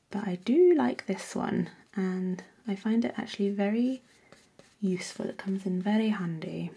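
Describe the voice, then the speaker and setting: A woman hosting a painting tutorial, chatting casually as she works and often dropping into soft whispers. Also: medium pitch, gravelly, husky. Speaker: art workshop host.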